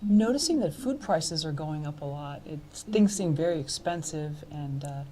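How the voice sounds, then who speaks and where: A woman's voice: low-pitched, expressive, moderate pace, warm tone, a little hiss or hum. A woman practising a speaking exercise as a student, talking hesitantly with some restarts.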